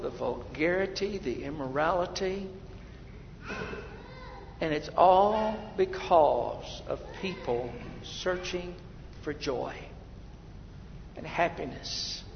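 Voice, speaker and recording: A man preaches a sermon, his high voice rough with gravel and fry as he moves at an unhurried pace. He rises to loud, emphatic passages, then drops to quiet asides. The recording is dull and lo-fi, with long reverb from a large hall and a faint hum of ambience behind him. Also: animated. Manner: swings from loud, emphatic scripture reading to quiet, intimate asides; addresses listeners as beloved. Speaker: pastor.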